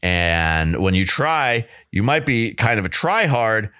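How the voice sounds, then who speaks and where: Stammering deep-voiced man, dry sound. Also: big pitch swings, pushed and bright, clean tone, dry recording. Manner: halting, many restarts and stammered repeats; self-deprecating, swears casually. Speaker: podcast co-host. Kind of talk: casual chat.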